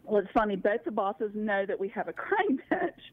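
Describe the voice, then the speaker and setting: A chatty woman caller tells a long, laughing story down a tinny phone line. Her voice sounds dry and close, with a mid pitch. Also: sing-song, normal speed, dry recording. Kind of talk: phone-in call on talk radio.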